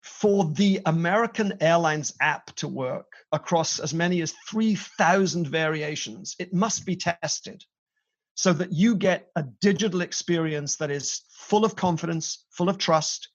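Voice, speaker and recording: A middle-aged British man, a company chief, telling his career story in an animated way with playful asides. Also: on the high side, unhurried, highs cut off. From Britain. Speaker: company CEO, guest. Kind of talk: conversational interview.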